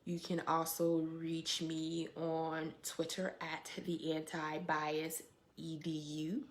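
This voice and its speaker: Speaking low and slowly, a young adult woman who is an educator hosts her weekly update. Her tone is casual and reflective, breaking into emphatic, animated stretches and colloquial asides.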